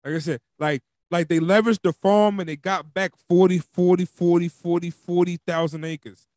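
Guy hosting a sports podcast, kinda high voice, super dry mic, loose rambly chat. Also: steady tone, moderate pace, a little mellow, dry recording. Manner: loose, chatty, laughs often, fills with "um" and "like". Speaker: podcast host. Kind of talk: casual sports talk. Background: dog squeaking a toy.

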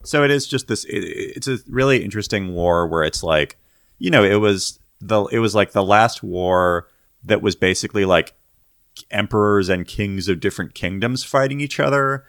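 A man's voice: on the low side, normal speed, a bit bright, no echo, studio quality. A young man chatting casually on a podcast, rambling with lots of fillers. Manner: rambling, filler-heavy storytelling.

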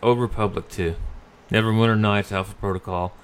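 A man chatting casually about video games, relaxed and trailing off, correcting himself as he goes. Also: on the low side, fairly quick, slight background noise. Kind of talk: casual gaming chat.

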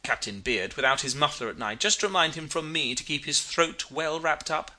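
A man's voice: on the high side, moderate pace, sharp tone, voice pushed up. A man doing a cheerful old captain's wife. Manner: cheerful, homely. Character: kindly fussy old woman, captain's wife. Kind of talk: audiobook reading.

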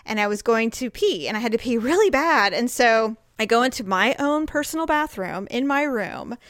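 A woman with a somewhat high voice tells a story in casual chat. She is animated and jumps into shrieks when she acts out a scare. The sound is dry and close. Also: normal speed, no room sound.

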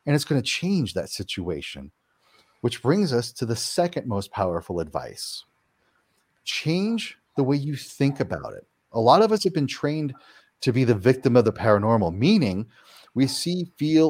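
Animated man with lively, swooping delivery. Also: moderate pace. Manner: animated, acts out quoted reactions with big pitch jumps. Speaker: paranormal house-clearing practitioner, guest. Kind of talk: interview answers.

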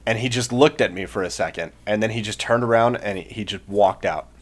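Young guy rambling thru a story, lots of ums, lowish voice, yells out the quotes. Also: a little fast. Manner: rambling, many fillers, acts out quoted shouts. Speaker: podcast co-host, Marine veteran. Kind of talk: casual storytelling.

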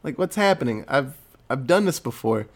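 A man's voice: medium pitch, animated, normal speed, lightly acted. A confused young male student, stammering and rattled as he tries to explain what happened to him, voiced offhand by a man recapping a movie. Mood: bewildered. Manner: stammering, bewildered.

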